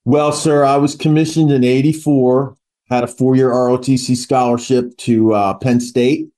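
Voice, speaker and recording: A man's voice: medium pitch, little pitch movement, normal speed, mellow. A man in his sixties from the Philadelphia area, a retired army officer recalling his career as a guest, talking casually with many fillers and restarts. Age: 60s. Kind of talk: casual interview.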